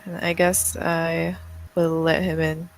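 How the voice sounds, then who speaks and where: Male player, somewhat high and gravelly, hesitant dry delivery. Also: monotone, slow, soft background music, low-quality recording. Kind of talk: playing a tabletop game over a call.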